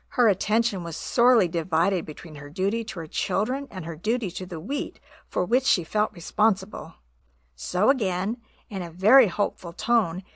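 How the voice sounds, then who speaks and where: A woman reading a children's story aloud in a gentle, expressive way. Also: mid-range voice, no room sound. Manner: gentle, expressive reading with voiced animal parts.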